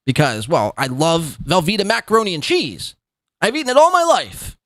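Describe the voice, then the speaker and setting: A man's voice: on the high side, sing-song, normal speed, sharp tone, no room sound. A man in his thirties hosting a podcast, giving mocking, sarcastic commentary on clips. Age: 30s. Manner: sarcastic, derisive, repeats words for laughs. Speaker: podcast host.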